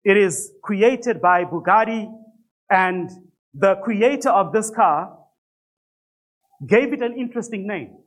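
A pastor preaching a sermon to a church congregation, emphatic, with rhetorical questions and conversational, self-deprecating asides. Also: male voice, sits high, expressive, slow, long pauses, fairly bright tone.

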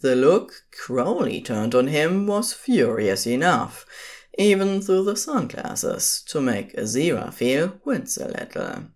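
A fiction narrator reading in an unhurried, measured way, letting the pitch rise and fall with the story. The delivery is steady and clear. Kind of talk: scripted narration of fan fiction.

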